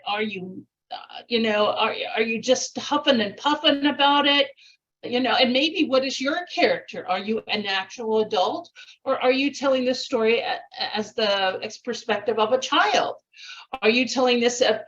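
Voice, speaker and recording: A woman's voice: on the high side, fairly bright tone, lo-fi sound. A vivacious woman presenting a speech contest workshop, acting out little voices and laughs as she explains. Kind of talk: online workshop talk.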